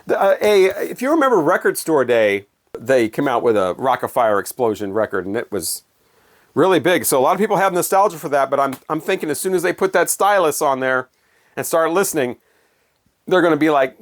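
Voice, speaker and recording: A man's voice: fairly high pitch, big pitch swings, brisk. Wry man talking about records. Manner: wry, sarcastic, rambling commentary. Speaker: vinyl record collector vlogger. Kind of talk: casual chat.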